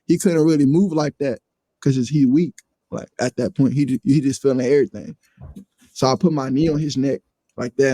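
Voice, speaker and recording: A man, a guest on a casual podcast, tells an animated story in profane slang and acts out other people's voices. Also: mid-range voice, no echo.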